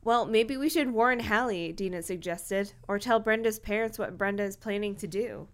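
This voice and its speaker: A woman's voice: mid-range voice, normal speed. A woman co-hosting a comedy podcast, reading a novel aloud and cutting in with blunt, profane comments. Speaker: podcast co-host.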